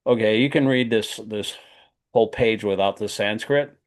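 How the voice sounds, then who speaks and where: A man with a fairly low voice leads a class over a video call. He reads scripture aloud in a steady, list-like way and adds brief comments of his own. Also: moderate pace. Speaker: class leader.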